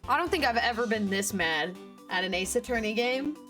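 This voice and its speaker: A young woman streamer venting at the game in blunt, swearing bursts. Her voice sits fairly high, and game music plays steadily behind her. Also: animated, a little fast, fairly bright tone. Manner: exasperated, profane, emphatic outbursts. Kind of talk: live gameplay commentary.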